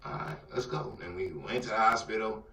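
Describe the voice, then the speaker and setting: Animated Atlanta man telling a story. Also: lowish voice, brisk. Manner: animated, acts out voices, swings from loud to whispered. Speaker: guest telling his life story. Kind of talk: casual storytelling interview. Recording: roomy, somewhat distant mic.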